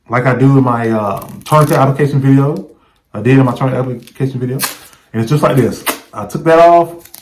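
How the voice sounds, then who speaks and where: A man's voice: medium pitch, a little hiss or hum, poor audio. A man vlogging, recounting a story in a casual, conversational way and often checking in with the viewer. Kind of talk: casual first-person storytelling.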